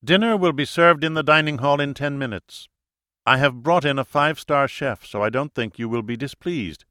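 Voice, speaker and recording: A man's voice: mid-range voice, moderate pace, bright, forceful tone, no echo, clean studio sound, pitched above the performer's own voice, close to an everyday voice. A man reading an audiobook who voices a ruthless, commanding woman at the head of a secret cabal, giving cold, imperious orders.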